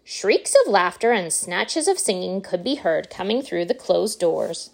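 A woman reading a children's book aloud as narrator, in an unhurried, expressive storytelling way. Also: medium pitch, gravelly.

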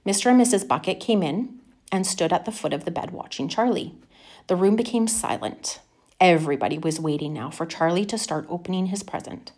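A woman reading a children's novel aloud with expressive, animated narration. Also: fairly low pitch, fairly quick. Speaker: reader.

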